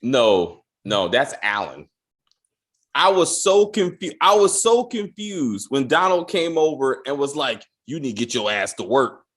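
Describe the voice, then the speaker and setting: A man co-hosting a casual TV review podcast, swearing freely and acting out characters' lines in quick exasperated bits. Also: medium pitch, sing-song, fairly bright tone. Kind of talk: casual spoiler review chat.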